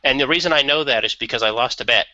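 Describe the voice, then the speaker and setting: Bright-voiced chatty man on the radio. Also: mid-range voice, very fast, no room sound, highs cut off. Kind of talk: casual radio chat.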